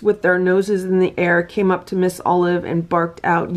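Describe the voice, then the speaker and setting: A woman reading a children's picture book aloud to her cats, gentle and sing-song, breaking off to point at the pictures. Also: lowish voice, little pitch movement, normal speed, hardly any pauses. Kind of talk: storybook read-aloud with asides.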